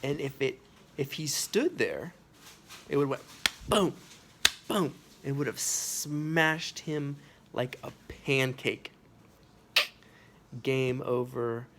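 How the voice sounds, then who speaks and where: A man telling a personal anecdote, animated and full of sound effects and casual asides. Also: mid-range voice, takes it slowly, long pauses, slight background noise. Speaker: storyteller. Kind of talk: personal anecdote told to camera.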